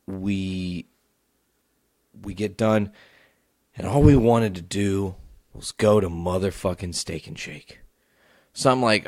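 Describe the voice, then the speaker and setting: Profane, ranting podcast host. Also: male voice, low voice, creaky, dry recording, studio quality. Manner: profane, animated ranting storyteller. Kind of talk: solo podcast storytelling.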